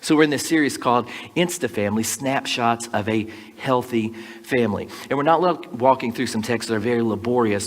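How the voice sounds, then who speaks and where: A pastor telling stories from the pulpit in a relaxed, folksy way, with asides to the congregation. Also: male voice, mid-range voice. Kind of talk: conversational storytelling sermon. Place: church sanctuary. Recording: long reverb of a large church hall.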